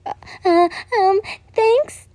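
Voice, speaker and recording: A woman's voice: very high-pitched, slow pace, darkish tone, no echo, pitched above the performer's own voice. A woman voicing a shy, flustered teenage girl hero student who stammers nervously.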